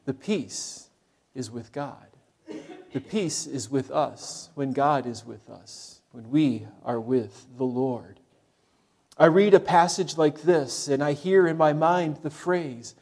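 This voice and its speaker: A middle-aged man preaching a sermon as pastor. He speaks conversationally and drops to soft, low tones for emphasis. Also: a little slow.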